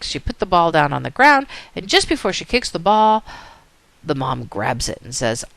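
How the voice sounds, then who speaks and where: A woman's voice: sits low, sing-song, normal speed, gravelly, fairly bright tone, dry recording. Lady teaching a psych class, tells a story, asks questions, voice jumps around a lot. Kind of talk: lecture.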